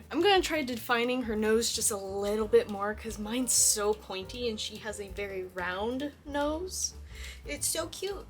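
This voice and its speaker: A woman's voice: mid-range voice, a bit bright. A young woman chatting casually as she works, giggling and poking fun at herself. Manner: chatty, self-deprecating, giggly asides. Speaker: cosplay vlogger. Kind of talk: casual tutorial narration.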